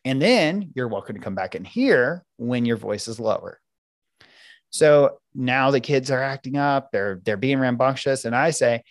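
A middle-aged man talks through parenting tools with a lively, swinging pitch, and his voice sits close and dry on the mic. He often slips into short acted lines as a parent or a child. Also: unhurried, dry recording. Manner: animated, acts out parents and kids in quoted voices. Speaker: parenting coach guest. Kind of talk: podcast interview explaining parenting techniques.

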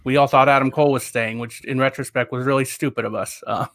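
A man's voice: mid-range voice, steady tone, fast talker, gravelly, a bit bright, no room sound, studio quality. A man co-hosting a podcast in casual chat, rambling and hedging with lots of fillers. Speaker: podcast co-host.

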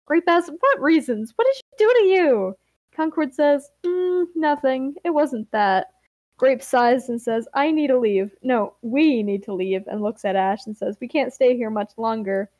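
A woman's voice: high-pitched, lively intonation, measured pace, darkish tone, dry recording. A woman co-hosting a podcast, narrating a shared story with playful asides and frequent laughter. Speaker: co-host, storyteller. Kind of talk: narrating a collaborative story with voiced quotes.

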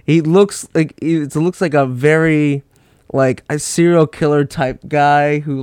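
A man's voice: a little high, takes it slowly, clear, resonant tone, no room sound, clean studio sound. A young man co-hosting a casual comedic chat, rambling with lots of fillers. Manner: relaxed, rambling, filler-heavy. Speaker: podcast co-host.

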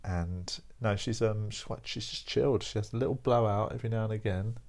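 Man, young adult, podcast host, very deep voice, tired, rambling, wry. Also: fairly quick, creaky, a little mellow. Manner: rambling, wry and self-mocking. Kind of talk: casual solo chat.

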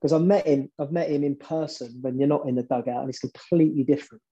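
A man with a dark, mellow voice that sits a little high, telling football stories as a guest. He talks in an animated way and often repeats words while he builds up a point. The sound is dull and lo-fi. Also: fast. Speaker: former football manager, guest. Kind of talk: storytelling interview.

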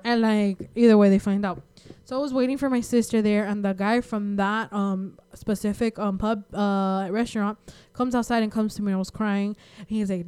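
A young woman telling a rambling, animated story in casual chat. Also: mid-range voice, moderate pace, few pauses, clear, resonant tone. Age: young adult.

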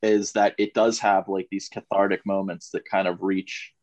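A man with a fairly low voice talks on a casual music podcast. He hedges and restarts his sentences often while sharing his view. The recording is dry and close. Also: little pitch movement, normal speed, darkish tone, dry recording, rough recording. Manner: hesitant, hedging, restarts.

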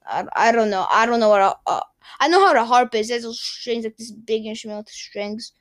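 A young woman vlogger chats casually with her viewers at a normal speed, her voice a little high. She rambles, giggles, and trips over unfamiliar words.

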